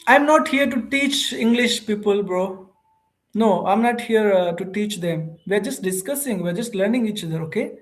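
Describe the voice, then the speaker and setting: Man, Indian accent, casual livestream host, halting, lots of fillers, calls people bro and ma'am. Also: high voice. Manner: hesitant, many fillers and restarts. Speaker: host of an English practice livestream. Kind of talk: casual livestream chat, reading viewer comments.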